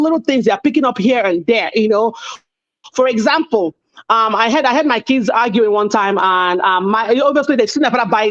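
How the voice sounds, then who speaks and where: Rambling woman co-host, lo-fi audio. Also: a little high. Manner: rambling, many restarts and "you see what I'm saying". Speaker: podcast co-host. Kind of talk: casual panel discussion.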